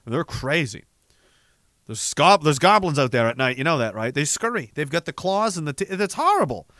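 Sardonic, swearing man, bright voice. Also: on the high side, big pitch swings, normal speed, dry recording, clean studio sound. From Canada. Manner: rambling, profane, sardonic. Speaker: livestream host. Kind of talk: casual livestream chat reading viewer messages.

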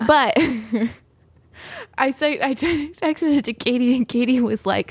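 A woman's voice: high voice, slow, slightly rough, no echo. A woman co-hosting a podcast, telling stories in a casual chat, laughing often and reading passages aloud. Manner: giggly storyteller, reads aloud and mimics friends. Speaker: podcast co-host.

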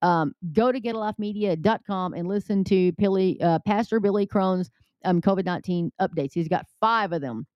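A woman's voice: mid-range voice, normal speed, no echo. A woman preaching urgently to her viewers in a casual, rambling way, full of fillers, often calling them folks and guys. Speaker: Christian vlogger. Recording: dry, dull lo-fi home recording.

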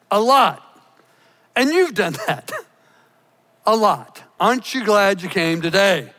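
A man preaching a sermon, emphatic, slowing down to stress key words. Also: sits high, bright, forceful tone. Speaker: pastor. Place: church.

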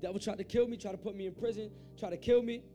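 A high-pitched man preaches a personal testimony, swinging between hushed, low moments and loud, fired-up passages. Faint music plays under his voice. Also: steady tone, racing. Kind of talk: sermon storytelling.

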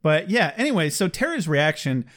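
A man's voice: on the high side, big pitch swings, normal speed, fairly bright tone. A man co-hosting a casual recap chat, joking and laughing often as he acts out quotes. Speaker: podcast co-host.

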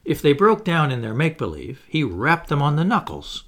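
A man reading a children's story aloud in a gentle, expressive narration. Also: a little high, moderate pace. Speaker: audiobook narrator.

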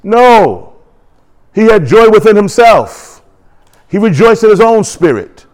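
Guy preaching, bit higher voice, keeps getting the crowd to say stuff back, gets all fired up. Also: slow. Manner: exhorting, call-and-response with congregation; builds to excited, emphatic declarations. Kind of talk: sermon.

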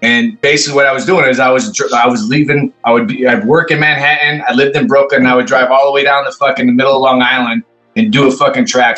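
Fast-talking, cursing New man. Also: medium pitch, bright, forceful tone, poor audio. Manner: fast, profane, repeats words. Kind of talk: casual podcast chat.

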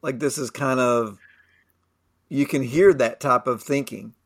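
Slow, thoughtful man on a faith podcast. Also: medium pitch. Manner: thoughtful, halting, measured. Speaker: podcast co-host. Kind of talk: casual Bible discussion and scripture reading.

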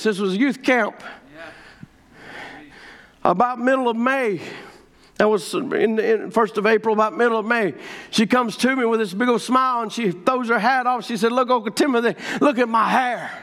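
A middle-aged man preaching with a drawl and a strikingly high voice. He builds fervently into shouted declarations before dropping back to a plainer storytelling tone. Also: normal speed. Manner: fervent, shouting, rising to proclamations. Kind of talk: revival sermon.

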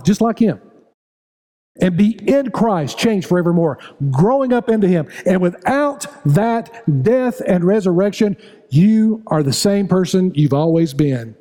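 A man's voice: high voice, expressive, moderate pace, warm tone. A middle-aged man preaching a sermon as pastor, building to raised, repetitive appeals to his congregation. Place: church sanctuary.

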